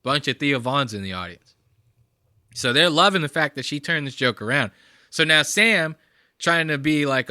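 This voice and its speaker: A man's voice: medium pitch, moderate pace, pushed and bright, no echo, studio quality. A young man hosting a podcast, talking casually and profanely as he reacts to clips. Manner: profane, rambling. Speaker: podcast host.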